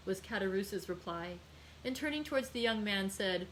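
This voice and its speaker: A woman librarian reads a classic novel aloud to her group. Her narration is steady and clear, with a voice of middling pitch for a woman. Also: moderate pace, slight background noise, rough recording. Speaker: librarian hosting a read-aloud.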